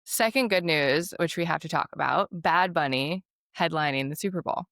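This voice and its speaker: A young woman with a notably low voice chats as a podcast co-host, upbeat and quick with asides. The sound is dry and close, with no room around it. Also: a bit bright, no echo. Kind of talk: casual chat.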